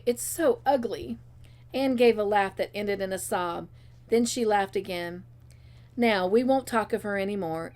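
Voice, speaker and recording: Woman narrator, storybook reading, expressive and lively with dialogue. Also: medium pitch. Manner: expressive reading with character voices. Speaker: storybook reader. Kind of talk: reading a novel aloud.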